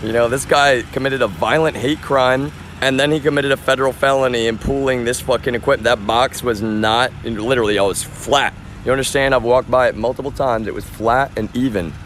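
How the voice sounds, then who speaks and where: A man's voice: mid-range voice, steady tone, brisk, fairly bright tone, slight background noise. A man live streaming outdoors from a front yard, talking to his viewers in an agitated, rambling way full of swearing. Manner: agitated, rambling, profane, addresses viewers as y'all.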